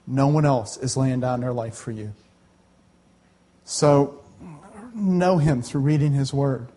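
A middle-aged man preaching a conversational sermon in a church sanctuary, folksy and animated, with joking asides to the congregation. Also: medium pitch, takes it slowly, pauses often. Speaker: pastor.

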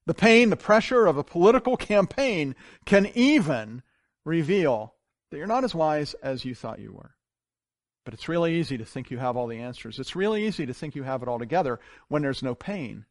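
A man preaching a sermon as pastor, telling stories with big swings from loud to hushed. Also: a little high, normal speed, no echo, studio quality. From grew up on a farm. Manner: animated storytelling with wide swings in loudness.

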